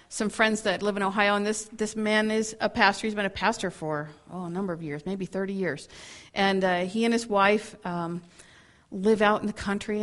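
A woman speaking to a women's group in a Bible teaching, acting out angry people's words, laughing often and restarting her sentences. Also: medium pitch. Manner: animated, acts out angry quotes, laughs often; repeats words when starting sentences.

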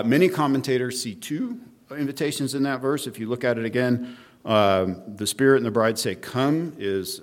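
Man, pastor, middle-aged, expository sermon, measured teaching, reads scripture aloud, fillers and restarts. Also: medium pitch.

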